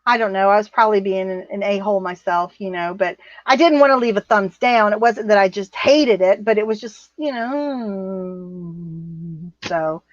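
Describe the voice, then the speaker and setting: A woman's voice: medium pitch, normal speed, no room sound, highs cut off. A woman co-hosting a casual livestream, chatting and reading viewer comments in a rambling, easily amused way. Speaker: livestream co-host. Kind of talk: casual live-stream chat reading comments.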